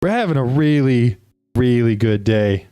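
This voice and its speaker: Chatty excitable man opening trading cards. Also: mid-range voice, measured pace, clear, resonant tone, no echo, studio quality. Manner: excitable, chatty, talks to the viewers, reads card text aloud. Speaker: card-opening video host. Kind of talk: casual card-opening commentary.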